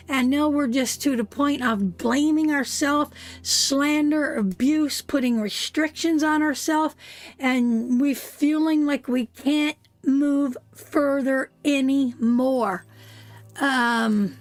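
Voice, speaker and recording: Woman tarot reader, high and unhurried, calling the viewer sweetheart; faint music behind. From Canada. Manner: emotive, addresses viewer as sweetheart. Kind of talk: live tarot reading.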